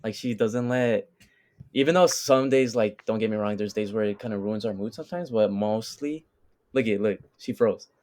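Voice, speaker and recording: A man's voice: lowish voice, normal speed, darkish tone. Laid-back young man, slangy and casual. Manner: laid-back, slangy, many fillers and restarts. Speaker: podcast co-host. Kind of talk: casual chat.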